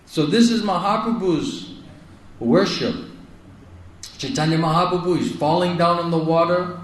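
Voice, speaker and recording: Male spiritual teacher, a bit high-pitched, emphatic and repetitive, recorded in a roomy hall. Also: moderate pace. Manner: emphatic, repeats phrases, asks "isn't it?". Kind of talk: devotional lecture. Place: lecture hall in India. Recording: echoey hall, heard from a distance.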